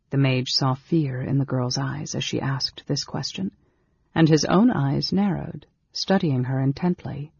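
Gravelly-voiced male audiobook narrator. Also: mid-range voice, fairly even intonation, unhurried, a little mellow, dry recording. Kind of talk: scripted narration. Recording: dull lo-fi recording.

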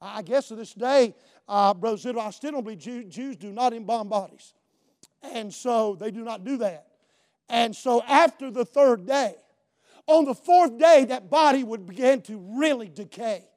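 Man, pastor, very high voice, sermon, loud shouted bursts then quiet asides, frequent amens. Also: moderate pace. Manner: swings between loud shouted preaching and low quiet asides; punctuates with "Amen" and calls to the congregation.

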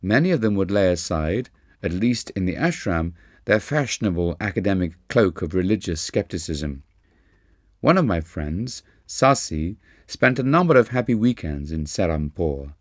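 Deep-voiced male audiobook narrator. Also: expressive, normal speed, no room sound, clean studio sound. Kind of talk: scripted narration.

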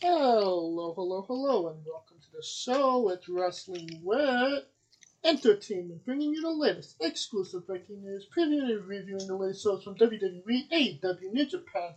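A man with a fairly high voice hosts a casual podcast. He talks in an upbeat, rambling way, stumbling over names and filling gaps with ums. The delivery is loose and chatty. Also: expressive, moderate pace, slightly rough, rough recording. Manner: upbeat, rambling with many fillers. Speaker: podcast host. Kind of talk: casual chat.

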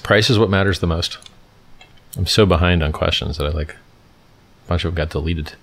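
Deep-voiced emphatic man from California. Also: moderate pace, a bit bright, slight background noise. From Stockton, California, USA. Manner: emphatic, repeats phrases and restarts often. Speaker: livestream host answering viewer questions. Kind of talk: casual livestream chat.

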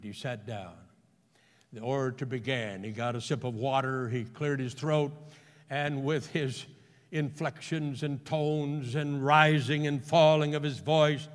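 A man, a pastor, delivering a sermon in a church, moving between hushed storytelling and loud, fervent exclamations. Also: mid-range voice. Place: church sanctuary. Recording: long hall reverb in a church.

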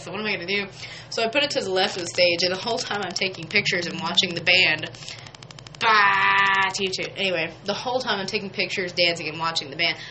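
A woman's voice: on the low side, bright, forceful tone, a little hiss or hum, low-quality recording. Bubbly woman radio DJ. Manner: chatty and bubbly, laughs often, folksy "y'all". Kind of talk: casual on-air chat. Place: radio studio.

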